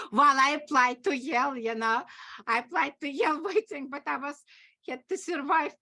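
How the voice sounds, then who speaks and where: A high-pitched woman with a Russian accent speaks in animated, halting English. She tells stories as an acting teacher, laughing between phrases, in a bright tone. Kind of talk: conversational storytelling.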